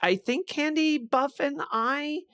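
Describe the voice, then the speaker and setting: A man co-hosting a podcast, telling stories in casual chat, animated and full of filler words. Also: very high-pitched, takes it slowly. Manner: animated storyteller, lots of fillers like "like". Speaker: podcast co-host.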